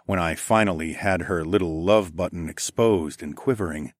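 A man with a very deep voice reads a first-person erotic audiobook. His delivery is low, intimate and unhurried, recorded dry and close to the mic. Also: no room sound. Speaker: audiobook narrator.

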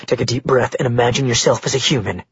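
A man voicing a young male shapeshifter, fierce but tender, in his own husky voice. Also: mid-range voice, fairly quick, dry recording, muffled recording. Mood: gentle. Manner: snarling in anger, soft when comforting.

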